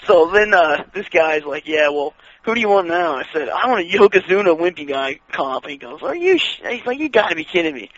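A man in casual chat, excitedly telling wrestling stories and acting out what others said. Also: sits high, brisk, few pauses, dry recording. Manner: excitable, acts out quoted voices, laughs while telling. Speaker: wrestling fan guest. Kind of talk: casual chat, animated storytelling. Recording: dull lo-fi radio sound.

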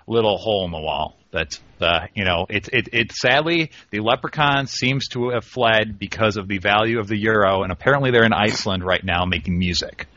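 A man's voice: lowish voice, a little fast, hardly any pauses, bright, forceful tone, muffled recording. A man co-hosting a radio talk show in casual banter, rambling and breaking into mock lectures.

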